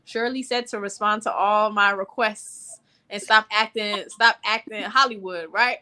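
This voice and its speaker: A woman's voice: medium pitch, fairly even intonation, a little slow, bright, forceful tone. Woman co-host telling blunt, profane stories. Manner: candid storytelling, blunt and profane. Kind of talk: casual chat.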